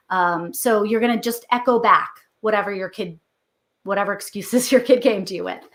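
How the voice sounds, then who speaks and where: Her voice runs on the high side and sounds a bit bright. She's a middle-aged guest author in a chatty interview, explaining parenting tips and voicing both the parents and the children.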